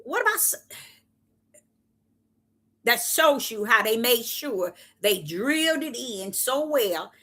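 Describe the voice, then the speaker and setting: A woman preaches an impassioned Bible teaching in a fairly high, bright, forceful voice. She drives each point home with repetition and pointed rhetorical questions, in a steady preacher's cadence. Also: takes it slowly, long pauses. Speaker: self-styled prophetess preaching.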